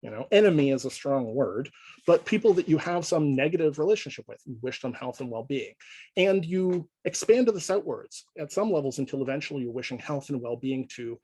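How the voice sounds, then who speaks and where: Husky-voiced man giving a casual lecture. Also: a little high, animated, a little fast, darkish tone, no room sound, low-quality recording. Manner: conversational, checks in with frequent "right?". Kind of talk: informal lecture.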